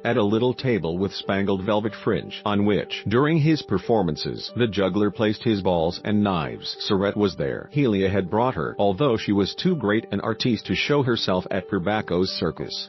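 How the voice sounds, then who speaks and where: A man reading a story aloud in a steady, even scripted narration. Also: on the low side. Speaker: audiobook narrator. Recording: dull lo-fi with faint music.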